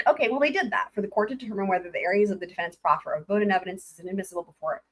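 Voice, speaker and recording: A woman's voice: mid-range voice, very fast, hardly any pauses. A woman streaming live trial commentary, reading legal filings aloud and breaking in with incredulous, sarcastic asides.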